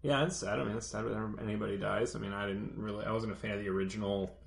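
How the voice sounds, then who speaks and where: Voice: medium pitch, fairly even intonation, fast, vocal fry. A podcast co-host chatting casually, with dry teasing remarks.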